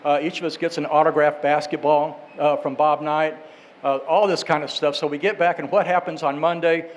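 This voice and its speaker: Man, slightly high voice, casual rambling storyteller with self-corrections. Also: steady tone, normal speed, rough recording. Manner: rambling, with restarts and asides. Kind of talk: casual anecdote telling.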